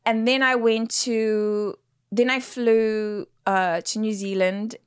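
Lively woman in her forties. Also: a little high, takes it slowly, clear, resonant tone, no echo, clean studio sound. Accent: American, slips toward South African. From South Africa. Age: 40s. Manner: animated, laughs often, does accents. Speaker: podcast guest. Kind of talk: casual chat.

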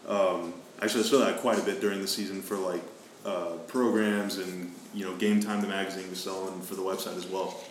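A man's voice: low voice, fairly even intonation, a little fast, roomy sound, slight background noise, poor audio. A man as a podcast guest, answering in an easygoing, casual way. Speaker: guest, team content writer.

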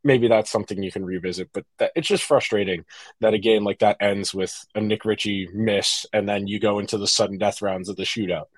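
A man co-hosting a casual hockey podcast, opinionated and animated, often restarting his sentences. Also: lowish voice, a little fast, no echo. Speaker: podcast co-host.

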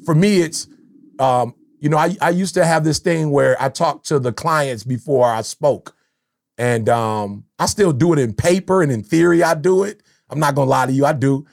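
Middle-aged male podcast host, high and gravelly, slangy and animated storyteller. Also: moderate pace. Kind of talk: casual chat.

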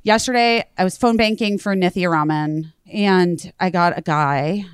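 Woman host, lower voice, animated storyteller, swears a lot, dry close sound. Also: a little slow, clean tone, dry recording. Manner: animated, swears freely, acts out both sides of conversations. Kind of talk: casual chat, storytelling.

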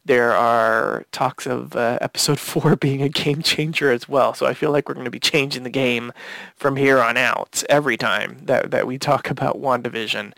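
A man's voice: medium pitch, steady tone, normal speed, gravelly, a bit bright, dry recording. A man co-hosting a casual podcast, recapping a TV episode scene by scene and retelling the dialogue with quotes. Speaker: podcast co-host.

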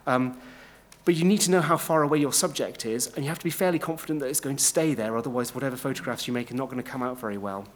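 Male lecturer, middle pitch, measured delivery with ums and restarts. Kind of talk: illustrated history talk.

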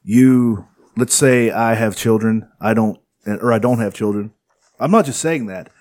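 A man's voice: lowish voice, a little slow, a little mellow. A man hosting a podcast, chatting crudely and jokily, laughing often and swearing freely. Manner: laughs often, jokey and profane. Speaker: podcast host. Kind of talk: casual crude banter.

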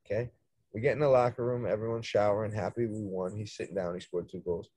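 A man, a soccer coach, telling a story in casual chat, animated, swearing freely and acting out the dialogue. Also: lowish voice, fast talker, slightly rough, no echo. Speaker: soccer coach, podcast guest.

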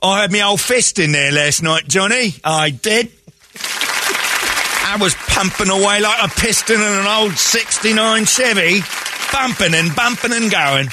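A man's voice: sits high, measured pace, over a noisy crowd, heavy background noise, voice pushed up. A man putting on a brash vulgar Cockney woman. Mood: bawdy. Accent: put-on Cockney. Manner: brash, bawdy, exaggerated.

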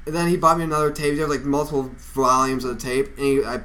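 Man, young adult, podcast co-host, bright voice, lively storytelling, loud quoted bits. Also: medium pitch, fast talker, a little hiss or hum. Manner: animated storyteller, shouts when quoting people. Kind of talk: casual chat.

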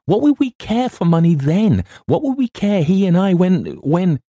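A man voicing an agitated, grandiose young gentleman who pushes his voice high and tense in audiobook dialogue. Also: moderate pace, no echo, clean studio sound, close to an everyday voice. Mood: excited, grandiose. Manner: tense, rising to shrill excitement.

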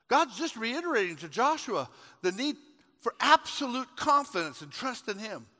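A man preaching a sermon. He tells a folksy story and builds up to shouted exhortations. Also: extremely high pitch, expressive, moderate pace. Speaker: pastor. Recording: long hall reverb.

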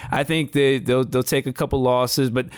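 A man co-hosting a wrestling podcast in casual chat, rambling and animated with frequent restarts. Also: medium pitch, moderate pace, clear, resonant tone, no echo, studio quality.

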